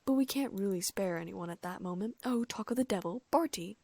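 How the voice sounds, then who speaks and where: A woman voicing a jovial, blustering middle-aged male official, loud and chummy in manner. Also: mid-range voice, brisk, no room sound, natural voice.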